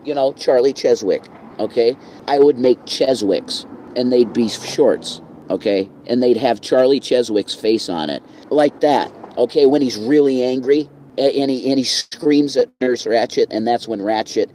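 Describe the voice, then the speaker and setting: A reverend talking casually outdoors in a rambling, profane, preachy rant. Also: male voice, on the low side, moderate pace, mellow, slight background noise, low-quality recording.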